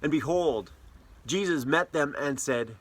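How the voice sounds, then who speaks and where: Guy giving a sermon, kinda high voice, tells stories big, gets loud then hushed. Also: unhurried. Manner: animated storyteller with wide swings in loudness and pace. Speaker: pastor.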